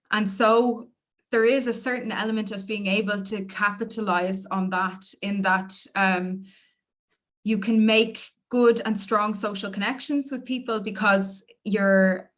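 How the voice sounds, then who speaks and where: A woman's voice: mid-range voice, fairly bright tone. A young woman guest researcher answering questions thoughtfully, hedging her points on a video call. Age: young adult.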